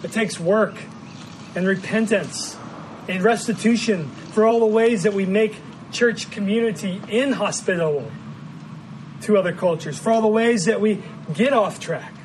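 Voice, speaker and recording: A man with a high voice and a Midwestern American accent preaches a sermon in an earnest, measured way, sometimes repeating a word as he goes. A faint background noise sits under his voice. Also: low-quality recording. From Midwestern United States. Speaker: pastor.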